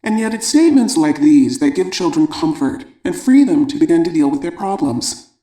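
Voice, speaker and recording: Guy calmly reading an audiobook, a bit high, mellow tone, echoey room. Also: moderate pace. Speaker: audiobook narrator. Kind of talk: scripted audiobook narration.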